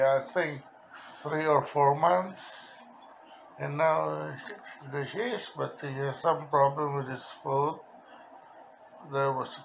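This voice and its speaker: A man's voice: fairly high pitch, creaky, highs cut off, a little hiss or hum. A man at home filming his pet bird on a handheld phone, coaxing and cooing at it and laughing often. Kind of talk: casual home video chat.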